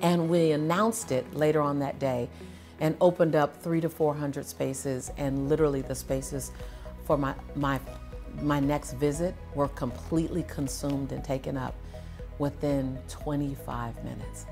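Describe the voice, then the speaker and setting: A middle-aged woman, a motivational speaker, telling a story in a lively way, laughing and acting out voices. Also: measured pace, music in the background. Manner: lively, laughing, acts out voices with big pitch jumps. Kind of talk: animated storytelling.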